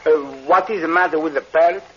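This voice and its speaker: An actor playing a menacing Spanish pirate with a Spanish accent and broken English, in 1940s radio acting on a dull old recording. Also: male voice, on the high side, fairly even intonation, fast talker, a bit bright. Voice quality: broken English, sly threats.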